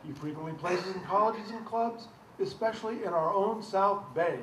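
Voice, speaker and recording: A man's voice: high voice, moderate pace, roomy sound, very noisy. A man from County Cork with a Cork Irish accent, emceeing a comedy night and groaning at his own puns. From Ireland. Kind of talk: comedy show introductions.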